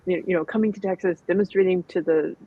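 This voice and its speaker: A woman host chatting casually and fast, with many filler words. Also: on the low side, fairly even intonation, husky, dry recording, phone-quality sound. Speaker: podcast host. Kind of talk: casual chat.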